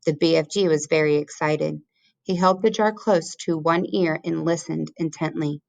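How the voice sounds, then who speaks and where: Lower-voiced woman reading a storybook. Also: creaky, a little mellow, dry recording. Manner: measured storytelling. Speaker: teacher. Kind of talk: reading a children's book aloud.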